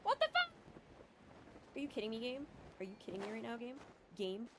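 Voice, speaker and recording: A woman streaming a video game, complaining and cursing at it, swinging between low muttering and loud outbursts. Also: fast, heavy background noise. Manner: frustrated, swearing, swings from muttering to yelling. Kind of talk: live gameplay commentary.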